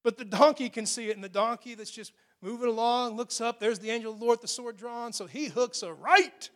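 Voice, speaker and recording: A man preaching a sermon, retelling a Bible story in an animated, joking storyteller's way. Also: very high voice, brisk. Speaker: pastor.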